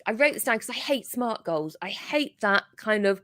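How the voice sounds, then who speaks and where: A woman hosting a casual chat, chatty and playful with quick asides. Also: on the high side, expressive, bright, forceful tone, no echo. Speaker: podcast host.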